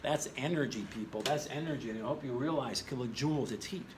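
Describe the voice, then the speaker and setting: A male chemistry teacher recording a lesson at a whiteboard in his classroom, playful and jokey, often jumping into high exclamations. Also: quick pace, noisy background. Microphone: camera in the room.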